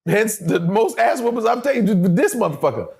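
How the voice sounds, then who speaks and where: A middle-aged man talks through a casual interview, loose and profane, and keeps breaking into the voices of the people in his stories. His voice sits high for a man and leaps up and down with a lot of life. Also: fairly quick, breathy edge. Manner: animated, profane, acts out voices in quotes, laughs often. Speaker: actor, interview guest.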